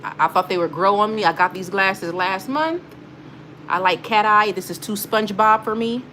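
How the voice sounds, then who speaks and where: A woman hosts a late-night livestream in an easy, middle-pitched voice, chatting straight to her viewers as she reads their comments. She talks animatedly and repeats herself, swinging between gushing and brushing off trolls. A faint hiss of noise sits under the recording. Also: moderate pace. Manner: animated, emotional, laughing often, repeats herself. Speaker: livestream host. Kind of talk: casual live chat reading viewer comments.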